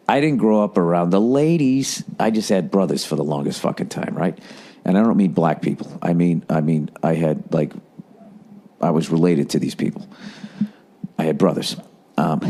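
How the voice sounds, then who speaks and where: A man's voice: deep voice, dark tone. A middle-aged man, a comedian and podcast host, telling a rambling, profane comic story in casual chat.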